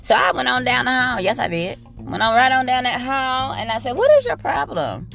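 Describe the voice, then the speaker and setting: A woman's voice: high voice, steady tone, a little fast, gravelly, bright, forceful tone, faint music behind. A woman nurse telling a work story as a blunt, profane and exasperated rant.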